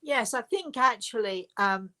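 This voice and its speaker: A woman's voice: fairly high pitch, expressive, unhurried, sharp tone. An older woman, hosting a live question-and-answer talk in a chatty, digressive way that trails into asides. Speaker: host, spiritual medium.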